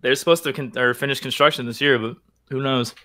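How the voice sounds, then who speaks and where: A man's voice: mid-range voice, fairly even intonation, fast, crowd noise. A man co-hosting a podcast, chatting casually and animatedly with frequent swearing. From Florida. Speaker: podcast co-host. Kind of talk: casual chat.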